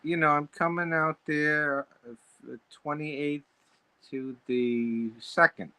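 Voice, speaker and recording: A man's voice: fairly high pitch, steady tone, slow pace, sharp tone, clear, resonant tone. A male cartoonist in casual chat, rambling and giggling through absurd jokes. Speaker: cartoonist, co-host.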